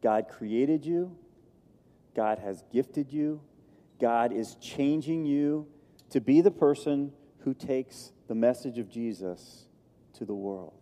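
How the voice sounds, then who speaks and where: Man preaching with a dark, warm voice. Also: medium pitch, slow pace. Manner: emphatic, repetitive preaching cadence. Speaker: pastor. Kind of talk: sermon. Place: church sanctuary. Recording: long hall reverb.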